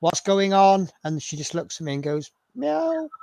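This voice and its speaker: A man's voice: fairly high pitch, normal speed, very noisy. A man hosting a live model-building stream, chatting in a rambling, self-mocking way. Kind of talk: casual live-stream chat.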